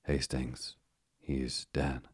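A man reading the lines of a quiet, reserved male detective who speaks evasively, as part of a calm sleep-story reading. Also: extremely low pitch, extremely slow, breathy edge, no room sound, clean studio sound, heavily acted.

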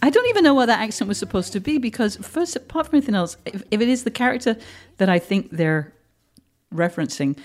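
A woman's voice: a little high, very animated, quick pace, darkish tone, faint music behind. A woman co-hosting a podcast who talks in a dry, opinionated way. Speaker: podcast co-host. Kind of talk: podcast discussion.

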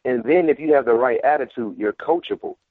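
A man's voice: medium pitch, brisk, slightly rough, no room sound. A man, a former football player, giving casual sports analysis over the phone and acting out trash talk with energy. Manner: animated, mimics trash talk. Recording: tinny phone line.

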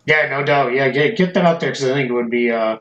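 A man's voice: mid-range voice, fast, a bit bright, muffled recording, slight background noise. Hiccuping male podcast host in echoey room. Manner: eager, self-promoting, many restarts. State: has the hiccups. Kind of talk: casual podcast chat.

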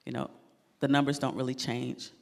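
Animated woman doing stand-up in a hall. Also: a bass voice, moderate pace, gravelly. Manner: animated, laughs at own jokes. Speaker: stand-up comedian. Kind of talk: stand-up comedy set. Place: comedy club stage.

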